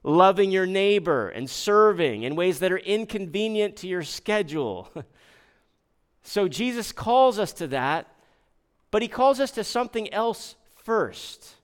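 This pastor's sermon comes in a high voice with lively intonation, a measured pace, and a clean tone. He addresses the congregation conversationally, asking rhetorical questions and repeatedly restarting what he says.

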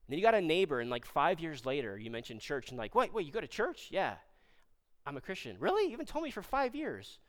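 A man's voice: mid-range voice, a bit bright, clear, resonant tone, in a large hall. A man preaching as a Baptist pastor, in an eager, conversational sermon style with asides and small laughs.

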